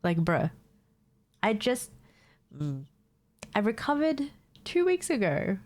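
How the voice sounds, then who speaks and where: A woman's voice: mid-range voice, very animated, takes it slowly. A young woman with a stuffed-up nose from a cold, chatting casually to her stream viewers, swearing freely and laughing often. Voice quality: nasal, congested.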